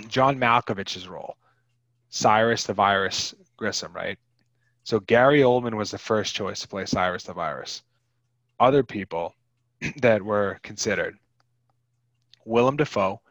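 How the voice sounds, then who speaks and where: A low-voiced man hosting a podcast, chatting in a loose, wry, rambling way about a film. His voice sits in a dry, close space. The sound is a touch dull. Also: fairly bright tone, no echo. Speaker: podcast host. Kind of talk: casual chat about a film.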